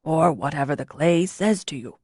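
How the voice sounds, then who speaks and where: Woman doing a gentle old potter man. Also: low-pitched, animated, breathy edge, no echo, clean studio sound, pitched below the performer's own voice. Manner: slow, kindly, soft-spoken. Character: gentle older male master potter.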